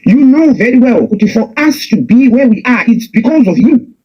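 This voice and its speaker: A young man with a Zimbabwean accent and a husky, high-pitched voice delivers a heated political rant. His pitch swings widely as he hammers the same points again and again, restarting his sentences as he goes. The recording is dull and lo-fi. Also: animated, moderate pace. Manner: confrontational, repetitive, many restarts. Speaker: political commentator.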